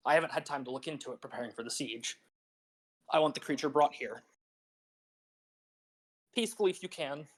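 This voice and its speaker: A man voicing a measured male camp leader in a tabletop role-play game, speaking in a calm, deliberate and commanding way. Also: on the high side. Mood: firm.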